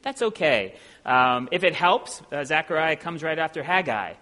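A man from Ohio preaching as a visiting preacher, talking in a relaxed, self-deprecating way with plenty of ums. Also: on the high side, normal speed. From Ohio, USA. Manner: conversational and self-deprecating, with many filler sounds. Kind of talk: sermon. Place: church sanctuary. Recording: long hall reverb in a church.

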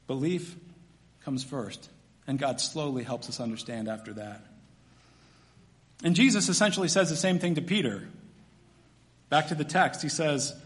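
A man preaching a sermon, animated, swinging between loud emphatic lines and quiet soft ones. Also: on the high side, moderate pace, long pauses. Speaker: pastor. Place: church hall with long reverb. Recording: echoey church hall.

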